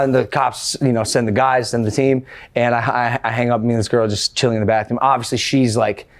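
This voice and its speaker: A man's voice: mid-range voice, steady tone, fairly quick. A man hosting a podcast, telling a story in a casual, rambling way with lots of fillers. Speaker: podcast host.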